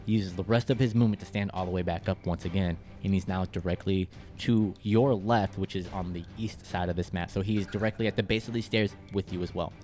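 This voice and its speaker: Brief: male game master, lowish voice, patient rules explainer, light music underneath. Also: fairly even intonation, brisk, hardly any pauses, warm tone. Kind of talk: narrating a tabletop game.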